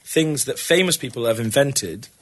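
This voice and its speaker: A man's voice: medium pitch, lively intonation, moderate pace. A man hosting a comedy podcast quiz segment, rambling and hesitant, with lots of fillers and laughter. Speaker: podcast host presenting a quiz feature. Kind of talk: casual comedy podcast banter.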